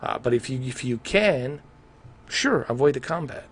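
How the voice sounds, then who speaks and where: Animated, swearing male game streamer. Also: medium pitch, moderate pace, slight background noise. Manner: excitable, rambling, swears casually. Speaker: gaming live streamer. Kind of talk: casual live-stream commentary.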